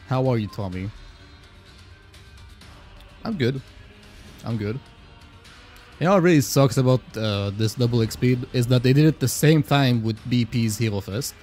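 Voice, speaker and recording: A man streaming a game live, chatting casually with viewers, excitable and swearing freely. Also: mid-range voice, normal speed, long pauses, soft background music.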